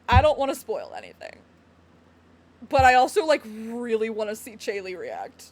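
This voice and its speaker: A woman's voice: a little high, sing-song, measured pace, pauses often. A woman streaming from home in casual live-stream chat, giggly and rambling as she talks to her chat.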